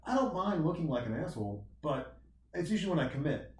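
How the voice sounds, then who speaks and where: A man's voice: a little high, sing-song, quick pace, darkish tone. A man in his forties, chatting casually in a rambling, joking, self-mocking way. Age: 40s. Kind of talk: casual chat. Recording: echoey room, mic at a distance.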